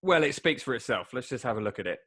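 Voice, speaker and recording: A man's voice: mid-range voice, very animated, fast. A man hosting a casual comedy chat, laughing often and wording things in a mock-formal way. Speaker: host.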